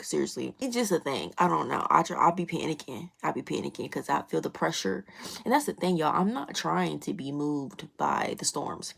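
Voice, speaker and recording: Woman faith vlogger with a low, gravelly voice, talking earnestly to her phone camera, repeating phrases for emphasis and calling viewers y'all. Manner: casual, addresses viewers as y'all. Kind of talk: spoken faith declarations and candid chat to camera. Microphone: phone camera, selfie-style.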